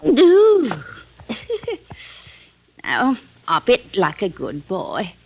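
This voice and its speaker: A woman's voice: medium pitch, wildly swooping pitch, drawn-out words, dull audio, heavily acted. An actress playing a cheeky, blunt young woman in a 1950s radio drama. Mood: dismissive. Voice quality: perky, breezy and blunt. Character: cheeky young English barmaid type, blunt.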